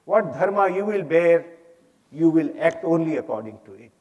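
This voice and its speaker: A man's voice: on the high side, lively intonation, normal speed, darkish tone. Older Indian man preaching from a stage. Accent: Indian English. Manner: preachy, emphatic, rising and falling in force. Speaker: speaker. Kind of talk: inspirational talk on stage. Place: conference hall.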